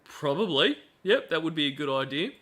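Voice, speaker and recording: A man's voice: fairly high pitch, expressive, brisk, a crowd in the background. A man hosts a stream and comments on played calls in a sarcastic, chatty way with many fillers. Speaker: stream host.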